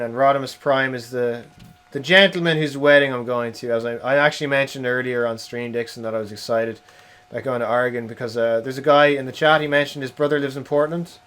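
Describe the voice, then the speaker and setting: A young man, streaming a game and chatting casually, swearing and yelling at the game. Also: medium pitch, clear, resonant tone. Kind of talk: casual live-stream commentary.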